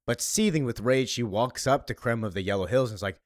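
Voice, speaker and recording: Male comic reviewer, animated and casual, with a dry recording. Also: medium pitch, a little fast, no echo.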